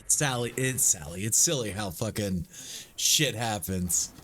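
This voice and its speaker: A slightly slow, expressive man with a lowish, fairly bright voice streams a game, with slight noise in the background. His talk is casual chatter aimed at viewers, loose and full of swearing.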